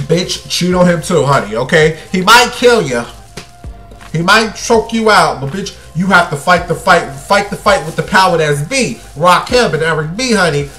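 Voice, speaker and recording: Man, sassy gossip host, fairly high voice, echoey room, faint music behind. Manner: sassy, blunt and chatty, with swings between loud and hushed. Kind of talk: casual gossip commentary.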